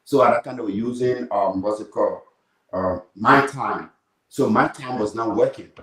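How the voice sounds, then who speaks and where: Blunt, animated Liberian man, roomy sound. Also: fairly low pitch, moderate pace, far from the mic. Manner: blunt, animated, swears freely. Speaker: interview guest. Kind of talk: live interview storytelling. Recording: echoey room, voice off-mic.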